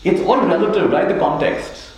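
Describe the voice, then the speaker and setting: A man's voice: high-pitched, animated, moderate pace. A man teaching a live audience as a spiritual teacher, telling stories, chuckling often and checking in with "right?". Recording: very echoey hall, faint noise.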